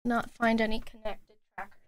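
A woman's voice: fairly high pitch, flat delivery, normal speed. A woman streamer chatting live to her viewers at her desk, exasperated and swearing freely. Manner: exasperated, swearing, talking to chat. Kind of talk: live stream reaction chat. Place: home room at a desk.

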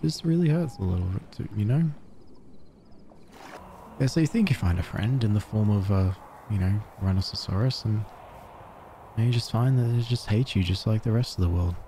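A man giving casual, excitable commentary while playing a game, with panicky outbursts and self-mocking asides. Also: fairly low pitch, moderate pace, pauses often, a little hiss or hum. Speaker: gaming let's-play host.

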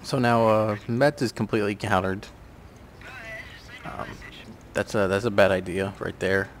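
A man's voice: on the low side, fairly even intonation, a little slow, a little hiss or hum. A man giving rambling, sarcastic casual commentary on a strategy game, swearing offhandedly. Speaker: gameplay commentator.

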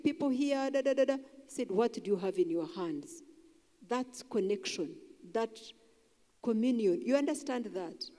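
A woman's voice: a little high, mellow. A middle-aged woman elder preaching a sermon in a large church, earnest and repetitive, sometimes acting out people's inner voices. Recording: long church hall reverb.

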